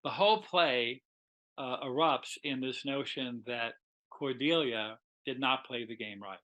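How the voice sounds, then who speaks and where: A man's voice: mid-range voice, measured pace, fairly bright tone, rough recording. A man giving a conversational literature lecture, retelling scenes animatedly and slipping into quoted dialogue.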